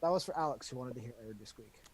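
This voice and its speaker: A man's voice: mid-range voice, very fast, slightly rough. Casual man playing a tabletop game. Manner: casual, explaining his character's actions. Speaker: player.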